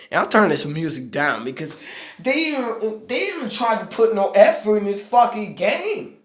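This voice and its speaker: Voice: medium pitch, big pitch swings, measured pace, long pauses, a bit bright, echoey room. A game reviewer ranting in exasperated, profane commentary while playing, with sudden outbursts.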